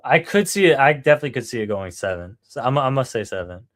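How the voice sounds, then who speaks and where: A man's voice: mid-range voice, sing-song, fast, fairly bright tone, no room sound. Slangy man rambling about basketball. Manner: slangy, swears, says "bro" and "man", rambling restarts. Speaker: podcast co-host. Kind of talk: casual sports chat.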